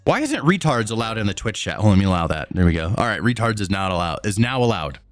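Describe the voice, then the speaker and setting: A fast-talking man with a lowish voice and big pitch swings hosts a live stream over soft background music. Laid-back, he reads and answers his chat with easy chuckles.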